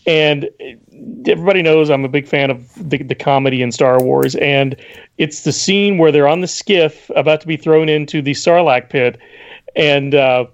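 A man, a podcast guest, telling stories in an animated, casual chat. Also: on the high side, moderate pace, highs cut off. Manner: animated storyteller.

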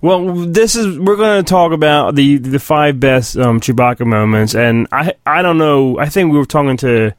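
A man hosting a podcast, relaxed and casual, laughing easily and swearing offhandedly. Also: on the high side, moderate pace, hardly any pauses, dry recording, clean studio sound. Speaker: podcast host.

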